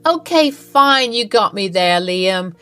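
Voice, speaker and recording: A playful young wife, as a woman reads her part, teasing one moment and pleading in a high, strained voice the next. She sounds like a character in a narrated drama story, with faint music underneath. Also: lively intonation, slow, fairly bright tone, clear, resonant tone. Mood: mock pleading.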